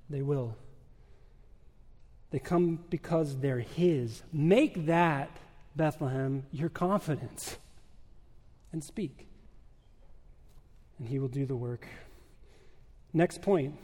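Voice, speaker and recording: Male pastor, high voice, slow deliberate sermon delivery, big church reverb. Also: lively intonation, dark tone. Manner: emphatic preaching with dramatic pauses and rhetorical questions.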